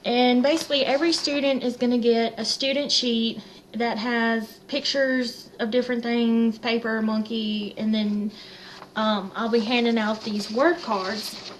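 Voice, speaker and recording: Young female teacher explaining a lesson plan; slow, slightly high delivery. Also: slight background noise, low-quality recording. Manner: unhurried and plain, with fillers.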